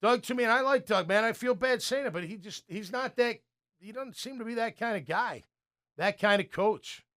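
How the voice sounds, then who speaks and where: High-voiced ex-player sports talk host. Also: male voice, normal speed. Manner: animated storyteller, acts out coaches' yelling.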